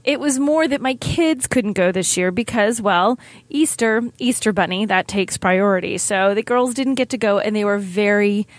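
Woman, middle-aged, segment host, chatty and upbeat, mid-pitched voice, dry close recording. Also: normal speed, no room sound. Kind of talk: scripted podcast segment.

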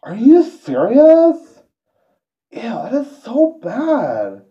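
A man voicing a gossipy valley girl, gushing in shrill, drawn-out disbelief, on a dull lo-fi recording. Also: wildly swooping pitch, mellow, exaggerated voice. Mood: shocked gossip.

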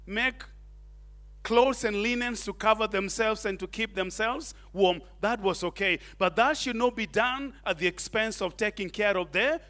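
Pastor man preaching, high bright voice, lively, keeps asking the church stuff. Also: moderate pace. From Kenya. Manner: animated preaching with Swahili asides and audience questions. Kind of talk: sermon.

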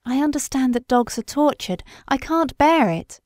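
A woman's voice: normal speed, a little mellow, no echo, studio quality, lightly acted. Woman voicing a frail, determined young Victorian lady. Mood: distressed protest. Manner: higher, trembling, passionate protest.

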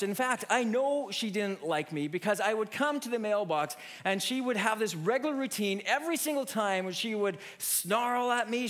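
High-voiced man telling a sermon story. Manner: animated storyteller, many restarts. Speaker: preacher.

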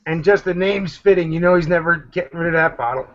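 A man with a fairly high voice chatting loosely on an internet talk show. He rambles and gives shout-outs to listeners. The sound is dull and lo-fi. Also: quick pace. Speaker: podcast host. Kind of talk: casual chat.

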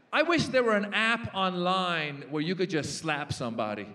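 A man in his forties doing a stand-up comedy set on a festival stage. He tells his stories with animated character voices for the punchlines. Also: high voice, normal speed. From Iranian-American. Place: large festival stage with live translation.

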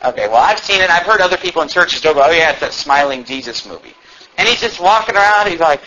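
A man preaching a sermon to his church, swinging from low asides to loud, fervent calls. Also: expressive, fast talker. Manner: shouts and climbs high when fervent, mocking asides. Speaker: pastor. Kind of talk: fiery sermon. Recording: dull low-fidelity church recording, faint hiss.

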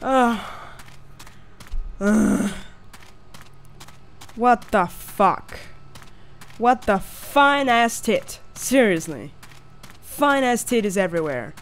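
High-voiced woman joking through a horror game. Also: lively intonation, extremely slow, pauses often, a little hiss or hum. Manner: jokey, swearing, shrieks when scared. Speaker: gameplay video host. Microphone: headset or desk mic.

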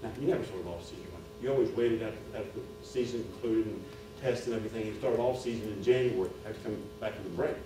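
A middle-aged man giving a sermon at a men's retreat, telling a personal story and building to loud preaching. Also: lowish voice, fast, few pauses. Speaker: retreat speaker. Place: church retreat hall. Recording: echoey hall, far from mic, music behind.

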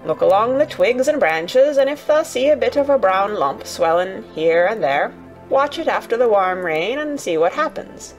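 A woman voicing a gruff, grumpy old male gardener who grumbles in blunt country dialect. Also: mid-range voice, big pitch swings, normal speed, soft background music, lightly acted.

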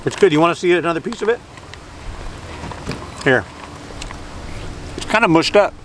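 A man with a slightly raised pitch chats loosely through a food review, tossing in jokey asides. He is sitting outdoors by the water, caught on a camera mic. Passing vehicles and outdoor noise are clearly heard behind him. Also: expressive, normal speed, low-quality recording. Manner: rambling, chatty, jokey asides.

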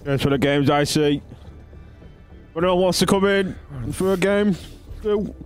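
A man's voice: high voice, unhurried. A man playing a co-op shooter with friends, answering with dry, defensive comebacks. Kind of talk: casual gaming banter. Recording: game music behind.

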